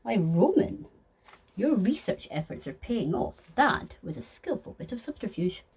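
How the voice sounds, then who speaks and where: A woman's voice: medium pitch, big pitch swings, darkish tone, breathy edge, full character voice. A woman voicing a sly, polished male deceiver who talks formally with dry sarcasm in a fan audio sketch. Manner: formal, measured, dryly sarcastic.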